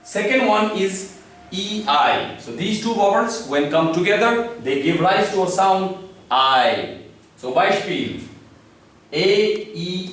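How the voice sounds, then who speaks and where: Man, language teacher, slow deliberate delivery, spells and repeats words, fairly high voice, distant mic. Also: a bit bright. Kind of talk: classroom-style lesson. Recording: echoey room, from far off the mic.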